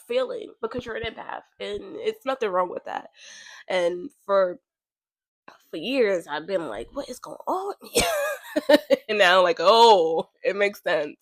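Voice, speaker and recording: Casting: animated woman host with a lilt, casual spiritual chat, dry close mic. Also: no room sound. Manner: chatty and animated, laughs often, bursts high when quoting. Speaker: podcast host.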